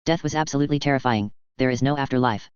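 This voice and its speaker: A man voicing a young woman brought back to life, flat and questioning, read in his own plain voice. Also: medium pitch, quick pace, smooth, dry recording, close to an everyday voice. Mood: uneasy. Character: revived young woman, blank and uneasy. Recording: dull, dry lo-fi sound.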